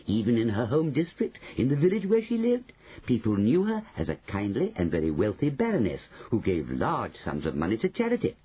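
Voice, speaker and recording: A man's voice: mid-range voice, wildly swooping pitch, mellow, breathy edge, low-quality recording. A man voicing a shrewd old grandmother. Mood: measured. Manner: slow, measured and knowing. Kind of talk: audiobook reading.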